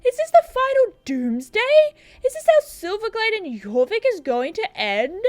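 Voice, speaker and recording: A woman's voice: very high-pitched, very animated, normal speed, darkish tone, dry recording, voice pushed up. A woman with an Australian accent voicing a panicky, melodramatic male village councilman in a video game. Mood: panicked. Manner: dramatic, alarmed, pleading.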